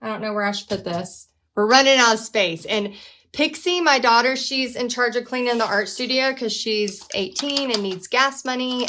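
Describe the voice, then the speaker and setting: Woman, forties, slightly high voice, chatty, upbeat, live-stream painting class. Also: sharp tone, a little hiss or hum. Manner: chatty, upbeat, talks to her dog in a high baby voice. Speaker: painting instructor and host. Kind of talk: casual live-stream teaching. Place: home art studio.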